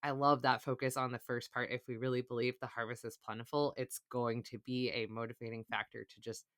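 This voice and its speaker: A man hosting a podcast, chatting casually and backing up his guest with quick yeahs. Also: medium pitch, little pitch movement, fairly bright tone, dry recording, studio quality. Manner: affirming listener, quick laughs and yeahs. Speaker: podcast host. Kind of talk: casual chat.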